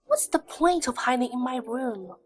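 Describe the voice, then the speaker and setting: An actress playing a sharp-tongued, unflappable young wife in a dubbed drama, brisk and teasing. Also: female voice, high-pitched, expressive, slightly rough. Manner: brisk and teasing, dryly mocking.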